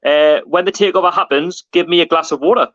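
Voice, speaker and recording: A man's voice: a little high, fast, fairly bright tone. A man hosting a casual live stream, chatting with guests and reading out viewer comments. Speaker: livestream host. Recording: dull lo-fi stream audio.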